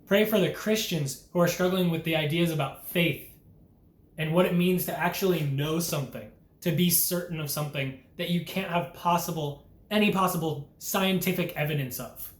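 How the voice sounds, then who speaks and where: A man's voice: fairly high pitch, normal speed, reverberant. A young man delivering an impassioned, earnest preaching monologue as a Christian vlogger, urgent and full of rhetorical questions.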